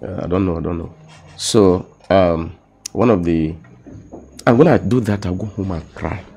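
A young man with a Nigerian accent shares his personal testimony in a relaxed conversational setting. His voice sits very low and deep. He speaks haltingly, repeats his words, and his voice often drops to a soft, emotional hush. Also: slightly rough. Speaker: guest telling his testimony.

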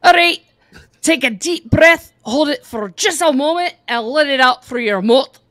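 A woman putting on a Scottish accent to voice a woman giving calm step-by-step instructions. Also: high-pitched, a little slow, dry recording, pitched above the performer's own voice. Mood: coaxing. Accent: Scottish, put on.

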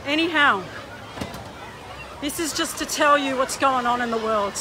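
A woman's voice: high voice, measured pace. A woman livestreaming on a phone held in her hand at a busy waterfront. She rants in an indignant, exasperated way. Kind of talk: outdoor phone livestream rant. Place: busy outdoor waterfront and pool area. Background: faint crowd chatter and outdoor noise.

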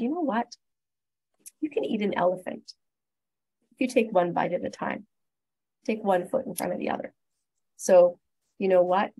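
A Canadian woman gives a webinar on breathing and stress, sounding upbeat and encouraging as she goes through each step. Her voice is a little breathy, and it comes through a computer mic on a video call. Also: mid-range voice, a little mellow, rough recording. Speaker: guest speaker, respiratory therapist. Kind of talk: webinar presentation.

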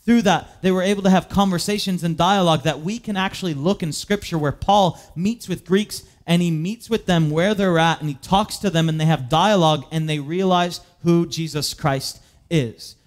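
A man preaching a sermon in a conversational way, with frequent restarts and fillers, slowing down to stretch out key phrases for emphasis. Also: a little high. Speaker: pastor.

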